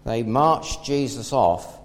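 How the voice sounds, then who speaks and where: A man preaching a sermon, telling a Bible story and swinging between loud and hushed delivery. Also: medium pitch, lively intonation, slow. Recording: long hall reverb.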